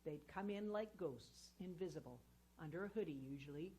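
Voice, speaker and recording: A woman's voice: deep voice, expressive, normal speed, dark tone, slight background noise. A woman educator giving an earnest inspirational talk to a live audience in a spiritual centre hall, telling personal stories. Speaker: guest speaker and educator.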